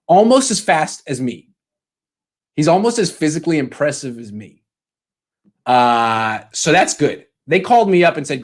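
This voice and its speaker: A man giving casual sports commentary with a sarcastic, ranting manner and quick asides. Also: a little high, big pitch swings.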